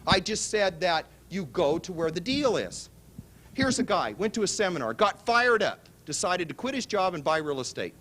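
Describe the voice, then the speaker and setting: A man giving a motivational real estate seminar pitch to a live audience, telling stories and acting out both sides of the dialogue. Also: normal speed. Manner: animated storytelling, acts out both sides of dialogue. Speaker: seminar speaker.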